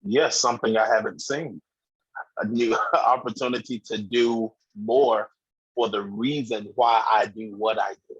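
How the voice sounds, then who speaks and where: A man with a lowish, husky voice answers earnestly on a group call. His line sounds dull and muffled, as if the call audio is lo-fi. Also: fairly even intonation, a little slow. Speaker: coaching participant.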